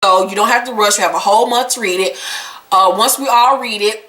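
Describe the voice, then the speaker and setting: A woman vlogger recapping a reality episode in casual, profane, animated storytelling. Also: mid-range voice, fairly quick, echoey room. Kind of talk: casual chat.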